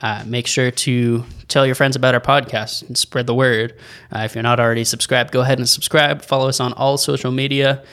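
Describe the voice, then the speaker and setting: A man's voice: medium pitch, fairly even intonation, fairly quick, fairly bright tone. A man co-hosting a podcast, casually reflecting and then signing off the episode. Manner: reflective, wrapping up the show. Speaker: podcast co-host. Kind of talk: casual chat.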